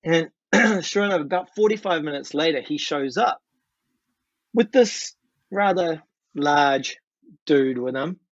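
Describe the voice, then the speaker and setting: A man in his fifties with a New Zealand accent, telling a story as a podcast guest in an animated way and acting out what people said. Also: a little high, a little slow, long pauses, dry recording, lo-fi sound. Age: 50s. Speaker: guest musician. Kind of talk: casual storytelling.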